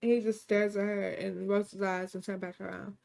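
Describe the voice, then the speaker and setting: A woman's voice: mid-range voice, flat delivery, moderate pace, vocal fry, darkish tone. A woman casually retelling a dramatic story in chatty, slangy speech with frequent restarts.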